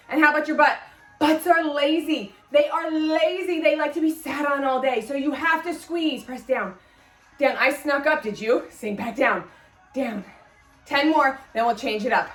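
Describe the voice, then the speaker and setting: A woman's voice: high-pitched, fairly bright tone, roomy sound, far from the mic. A woman fitness instructor leading a guided workout, cueing form and counting reps in an encouraging way, a little out of breath.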